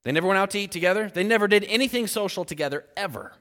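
A man's voice: sits high, lively intonation, very fast, a bit bright, in a large hall. A man preaching a sermon, acting out the voices in the scripture story as he goes.

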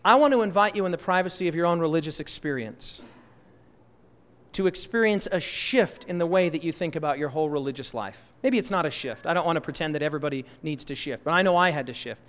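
This is a passionate sermon from a man with a high-pitched voice, swinging from forceful, rising outbursts to hushed, slow side remarks. The church hall adds a lengthy echo to everything he says.

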